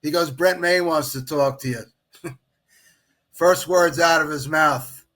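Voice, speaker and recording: A man's voice: fairly high pitch, measured pace. A middle-aged man, a guest on a podcast, telling a long anecdote in casual chat and quoting others as he goes. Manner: animated anecdote-telling, quotes others in dialogue. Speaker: podcast guest, official baseball scorer.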